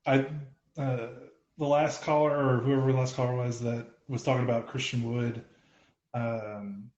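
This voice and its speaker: A man's voice: medium pitch, level tone, measured pace, darkish tone. A man co-hosting a live podcast, talking easily with a chuckle. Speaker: podcast co-host. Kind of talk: casual live chat. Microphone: phone app. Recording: roomy, muffled phone app audio.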